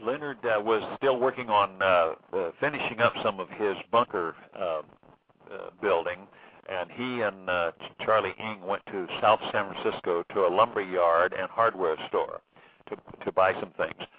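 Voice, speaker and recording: Male author guest, low voice, hesitant with frequent fillers; phone-line sound. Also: a little hiss or hum. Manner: halting, many fillers and restarts. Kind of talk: phone interview recounting a case.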